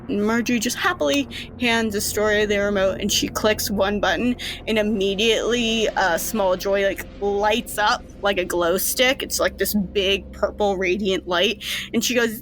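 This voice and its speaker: A woman's voice: medium pitch, steady tone, unhurried, fairly bright tone, slight background noise. A woman running a tabletop game as game master, narrating casually with lots of "like" and "um". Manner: casual, rambling narration with fillers.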